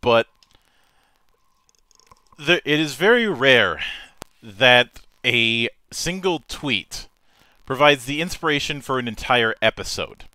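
Guy hosting a gaming show, swears a lot, rambles and restarts, bright clear voice, super dry sound. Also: medium pitch, expressive, slow, long pauses, no echo. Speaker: podcast host. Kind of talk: casual chat.

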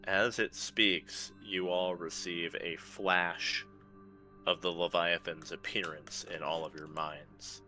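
Low-voiced man narrating as game master. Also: takes it slowly, faint music behind. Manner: relaxed, matter-of-fact narration with fillers.

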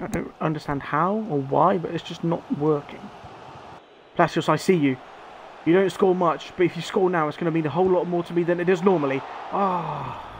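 Young streamer, excitable live game commentary, slightly higher voice, faint hiss behind. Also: male voice. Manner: excitable, shouts at players, swears. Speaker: gaming streamer.

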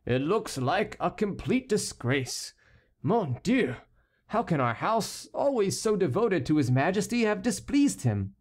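A man's voice: a little high, sing-song, normal speed, few pauses, a little mellow. A man voicing an anxious older nobleman, the fretful father-in-law, in a despairing, pleading tone.

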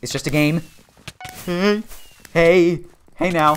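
A man's voice: a little high, measured pace, long pauses, a little hiss or hum. Joking young man narrating his game.

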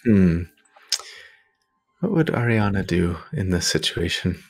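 A man with a fairly low voice plays a tabletop game over a video call. He talks hesitantly, thinking aloud with plenty of fillers. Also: very animated, slow pace, creaky, slightly rough. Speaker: player.

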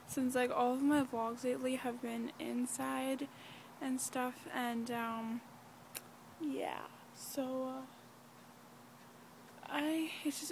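A teenage girl rambles through a casual daily vlog, giggling and keeping her voice soft as she walks outside. Her voice sits high with a touch of fry, and faint background noise sits behind her. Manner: walking and talking softly outdoors. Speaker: vlogger. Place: quiet suburban neighborhood outdoors.

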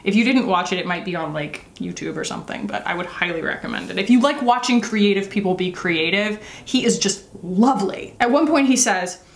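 A woman's voice: medium pitch, lively intonation, a little fast, creaky, few pauses. A woman in her thirties chatting through a makeup tutorial as a beauty vlogger, rambling with lots of fillers. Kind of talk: casual makeup tutorial chat. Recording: echoey room.

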